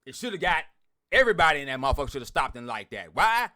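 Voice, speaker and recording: A man ranting bluntly to his online group, swearing a lot, repeating himself and swinging from loud outbursts to muttering. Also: fairly high pitch, big pitch swings, quick pace. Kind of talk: heated profane rant to followers.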